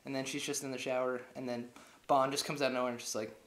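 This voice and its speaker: A man's voice: medium pitch, level tone, fast, fairly bright tone, slight background noise. Young male reviewer retelling a plot casually and loosely, recorded in an echoey room. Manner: rambling, heavy on filler words. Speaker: movie reviewer. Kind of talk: casual movie recap.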